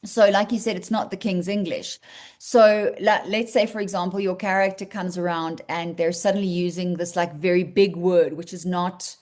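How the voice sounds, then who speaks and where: A South African woman with a lowish voice leads an online writing workshop over a video call. She explains patiently and encouragingly, thinking aloud with frequent ums and likes. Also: fairly even intonation, normal speed, a little mellow.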